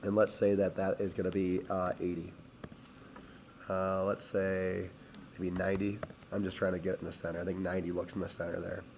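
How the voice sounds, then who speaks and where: A hoarse man teaching, talking step by step through a screen-recorded CAD tutorial as he clicks. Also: sits low, completely flat delivery, brisk, background noise. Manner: step-by-step, talks while clicking.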